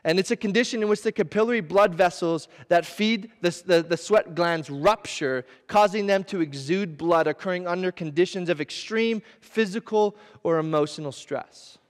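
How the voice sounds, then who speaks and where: A man's voice: sits high, moderate pace, hardly any pauses. A male pastor preaching a sermon in an earnest way, often restarting and repeating his words. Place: church sanctuary. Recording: long church hall reverb.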